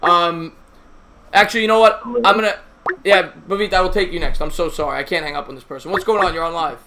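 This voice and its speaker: A man's voice: high-pitched, fast talker, bright, forceful tone, a little hiss or hum. A man hosting a live call-in sports talk show, chatty and teasing his callers.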